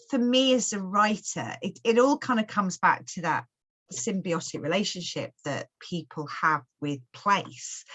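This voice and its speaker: A woman's voice: fairly low pitch, a bit bright. A woman, a writer talking casually on a panel, thoughtful and full of restarts and fillers. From Stoke-on-Trent, England.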